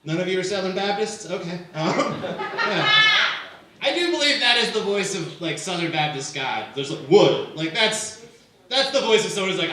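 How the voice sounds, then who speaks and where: A man's voice: high voice, expressive, normal speed, sharp tone, heavy reverb, recorded from a distance. A young man performing a stand-up comedy set, conversational and self-mocking, filler words all through. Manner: conversational, self-mocking, lots of "like" and "you know". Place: small comedy venue with live audience.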